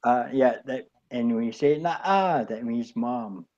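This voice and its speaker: Man, casual chat, halting, lots of fillers, dull muffled audio. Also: mid-range voice, level tone, mellow. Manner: halting, searching for words, many fillers. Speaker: chat participant.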